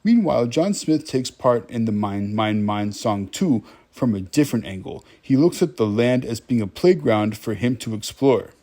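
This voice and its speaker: A man's voice: medium pitch, expressive, moderate pace, hardly any pauses, dark tone. A man giving a casual, wry movie recap, chatting directly to his viewers.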